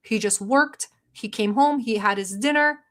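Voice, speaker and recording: A woman from the Middle East with a fairly high voice, commenting on clips in her non-native English. She is blunt and sarcastic and swears freely. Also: moderate pace. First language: not English. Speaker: commentary vlogger. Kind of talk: reaction commentary.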